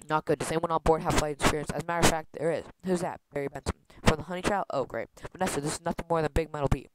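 Man, high voice, racing through a script reading, stumbling, heavy background noise and clicks. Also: fairly even intonation. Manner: rushed, stumbling over words and restarting. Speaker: script reader. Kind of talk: fast comic read-through of a film script.

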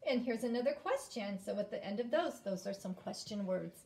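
A woman teaching an early-grade phonics lesson, clearly sounding out letters and inviting children to repeat after her. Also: mid-range voice, animated, a little fast, darkish tone.

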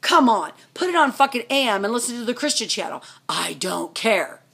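A woman's voice: a little high, big pitch swings, quick pace, a bit bright, breathy edge. A middle-aged woman ranting furiously and profanely at her husband, firing off angry questions. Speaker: vlogger. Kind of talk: angry rant to camera.

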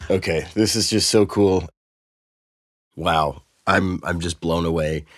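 A man hosting his channel who reviews sound-design software in a casual, excited way, using a shotgun mic. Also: sits low, slow, no echo, clean studio sound. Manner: excited, enthusiastic. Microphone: shotgun microphone.

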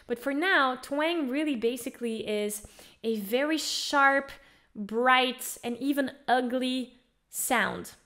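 A woman's voice: high voice, takes it slowly, a bit bright. A woman teaching an online singing lesson, explaining things in an upbeat way and demonstrating with her own voice. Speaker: vocal coach.

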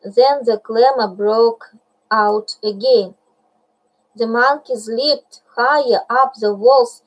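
A woman reading a classic storybook aloud, slowly and carefully, with small slips. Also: on the high side, poor audio. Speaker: reader.

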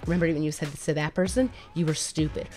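A woman voicing the evil girl in her head, who gives harsh, belittling commands in a lower, quieter tone. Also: fairly even intonation, fast talker, faint music behind, lightly acted. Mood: taunting.

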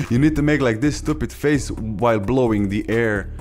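A young man hosting a casual beatbox tutorial, talking haltingly with many fillers and restarts. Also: medium pitch, darkish tone, soft background music. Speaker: beatbox tutorial channel host.

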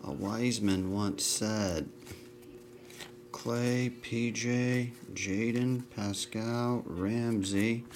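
Casual male card breaker, deep-ish, unhurried, rattles off names with dry remarks. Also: a little hiss or hum. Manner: reels off names in a flat list, with dry asides. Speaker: trading card box breaker. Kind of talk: casual running commentary while opening card packs.

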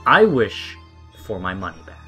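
Greedy, impulsive guy, loud and pushy, a narrator puts him on in a low voice. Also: very animated, moderate pace, faint music behind. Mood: agitated. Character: adult man, impulsive and greedy, grows frantic.

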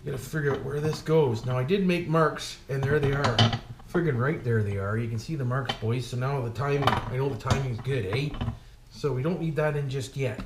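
A man's voice: mid-range voice, a little fast. A man giving casual, jokey commentary while he rebuilds an engine, talking to himself and calling his viewers "boys". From Canada. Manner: talks to himself while working. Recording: echoey room with background noise.

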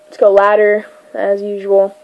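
A woman giving goofy, excitable commentary while playing a fighting game, yelping and crying out during the fights. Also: medium pitch, measured pace, muffled recording. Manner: goofy, self-mocking. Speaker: gamer. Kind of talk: let's play commentary.

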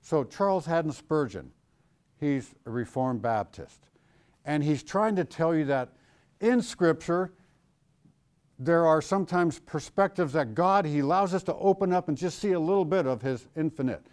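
A man teaching a Bible class, lively and engaging, often putting questions to his students. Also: a little high, moderate pace. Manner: animated, asks the class questions.

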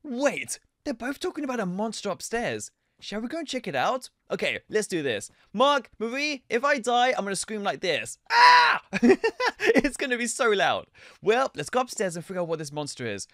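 A man's voice: high voice, moderate pace, dry recording. Hyper young guy doing game commentary, voice all over the place, laughs a lot, dry close sound. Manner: excitable, laughing, squeals loudly. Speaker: gaming video host.

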